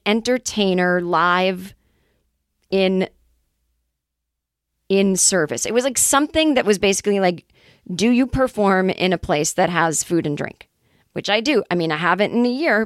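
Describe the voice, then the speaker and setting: A woman's voice: medium pitch, no echo. Candid rambling woman comedian, dry close mic. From Los Angeles area, California. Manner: candid, rambling, self-deprecating with swearing. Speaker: comedian, podcast host. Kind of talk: casual storytelling monologue.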